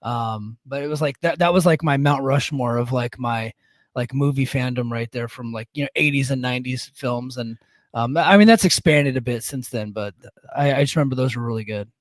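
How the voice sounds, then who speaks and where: A man's voice: mid-range voice, brisk, no echo. Easygoing podcast co-host man. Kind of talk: casual chat.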